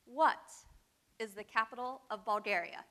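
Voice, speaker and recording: A woman's voice: a little high, a little slow, fairly bright tone. A woman reading aloud and voicing a gleeful female sphinx monster who acts like a cheery test proctor, in a sing-song quizmaster tone.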